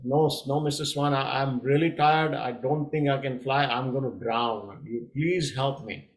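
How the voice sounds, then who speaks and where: A man's voice: medium pitch, fairly even intonation, moderate pace, echoey room, natural voice. A man voicing a boastful, show-off male crow in a spoken fable. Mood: weary. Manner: pushy, bragging.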